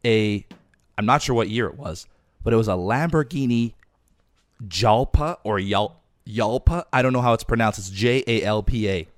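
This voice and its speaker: A man's voice: fairly low pitch, brisk, dry recording, studio quality. A man hosting a podcast, chatting casually about cars and rambling a little with fillers. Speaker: podcast host. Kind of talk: casual car chat.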